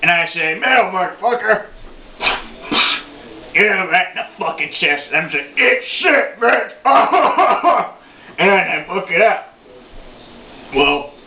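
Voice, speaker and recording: A man's voice: fairly high pitch, close to an everyday voice. A man doing a profane old redneck rambling. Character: foul-mouthed boastful old redneck man in his sixties. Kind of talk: comedic character monologue. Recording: roomy, dull lo-fi home video.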